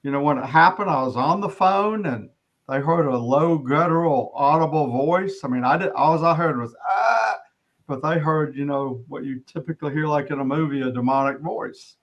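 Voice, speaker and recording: A middle-aged man tells his personal testimony as an interview guest, his voice sitting a little high for a man. He speaks earnestly, often pausing and restarting his sentences. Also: lo-fi sound.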